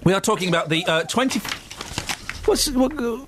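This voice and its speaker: Male radio host: playful, teasing studio banter with a wide, animated pitch range. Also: normal speed. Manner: teasing, lively, mock-serious.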